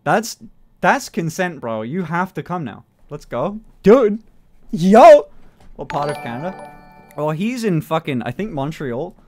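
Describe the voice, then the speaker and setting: A man's voice: fairly high pitch, sing-song, moderate pace, soft background music. A young man livestreaming, chatting casually with his viewers, joking, swearing and laughing often. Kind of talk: casual chat reading out chat messages.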